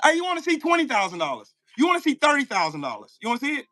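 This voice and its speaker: Shrill, bright-voiced man hurling taunts. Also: wildly swooping pitch, rapid-fire, dry recording. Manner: taunting, profane, repeats short demands. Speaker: livestream host. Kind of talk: heated livestream argument.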